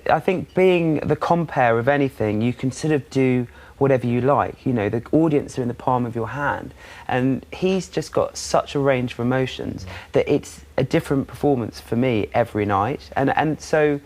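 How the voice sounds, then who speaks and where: A man chatting as a guest on a morning TV show, halting with many restarts and fillers. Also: medium pitch, darkish tone. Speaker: guest performer. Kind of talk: casual chat.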